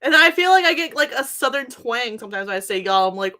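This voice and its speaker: Giggly florida-raised gal on a podcast, bouncy pitch, bright tone. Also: female voice, expressive, quick pace. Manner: giggly, playful banter. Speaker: podcast co-host. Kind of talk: casual chat.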